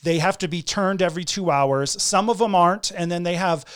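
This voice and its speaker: A woman's voice: on the low side, a little fast, clear, resonant tone. A middle-aged woman co-hosting a casual chat, speaking candidly and earnestly, often restarting her sentences.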